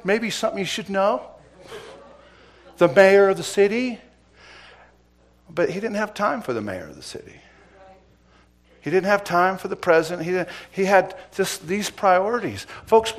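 A middle-aged man preaching as pastor, asking the congregation pointed questions and swinging between loud emphasis and quiet asides. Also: sits high, animated, normal speed. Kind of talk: sermon.

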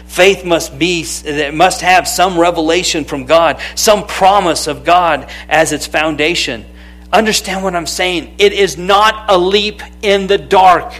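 High-voiced animated preaching man. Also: measured pace. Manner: animated, calls out to people by name. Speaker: pastor. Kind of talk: sermon.

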